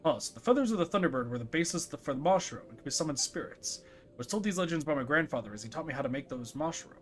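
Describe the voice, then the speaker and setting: A polite, earnest young craftsman, read by a streamer in a lowered voice speaks in a formal, measured way. His tone stays even and respectful. Game music hums faintly behind. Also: natural voice.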